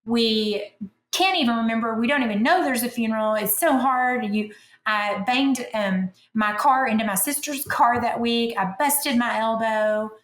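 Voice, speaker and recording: A woman author talking as a guest on a podcast, telling stories in a chatty, animated way with self-deprecating humor. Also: fairly high pitch, moderate pace, echoey room. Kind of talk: conversational storytelling.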